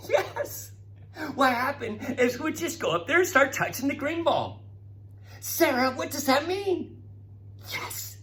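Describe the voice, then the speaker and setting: Excitable bright-voiced man telling kids stories. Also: very high voice, rough recording. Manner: excitable, calls each child by name. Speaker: presenter talking to children. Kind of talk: storytelling science talk for kids.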